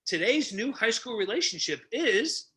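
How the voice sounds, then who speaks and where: A middle-aged man who tells stories with a lot of energy on a podcast and acts out the people he quotes. He works as a relationship coach. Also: normal speed. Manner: energetic, acts out quotes with big pitch jumps. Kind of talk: animated storytelling.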